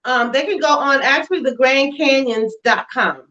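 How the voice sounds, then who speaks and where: A comedian and grandmother talking as a guest on a talk show, animated and preachy, with stammering restarts. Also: high-pitched, normal speed. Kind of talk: casual interview chat. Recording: dull lo-fi online show audio.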